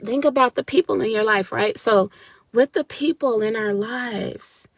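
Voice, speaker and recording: A woman's voice: a little high, unhurried, vocal fry, no room sound. A woman giving an earnest, spiritual motivational talk on a live video and speaking straight to her viewers. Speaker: wellness speaker.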